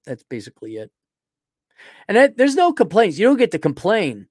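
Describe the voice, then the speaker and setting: A man's voice: high voice, huge pitch swings, normal speed, long pauses, no echo, clean studio sound. Blunt, profane man ranting solo. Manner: sarcastic asides. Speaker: podcast host. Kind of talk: solo podcast monologue.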